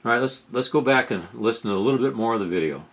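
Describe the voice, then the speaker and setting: A middle-aged man giving sarcastic political commentary over video clips, incredulous and rising to loud outbursts. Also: mid-range voice, expressive, very fast. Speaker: commentary host.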